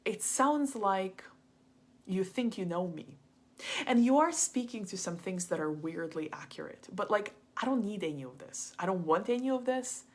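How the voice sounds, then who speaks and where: A woman's voice: medium pitch, lively intonation, moderate pace, lightly acted. A woman voicing a guarded man at a bar who brushes her off and then grudgingly gives in, barely changing her own voice. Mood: dismissive. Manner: wary, dismissive, then grudgingly admitting.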